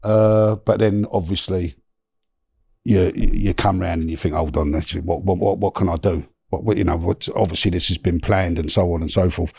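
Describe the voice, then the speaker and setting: A man, a guest on a podcast, telling a story in an animated, slangy way with swearing and many restarts. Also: low voice, moderate pace, vocal fry, husky, no echo, studio quality.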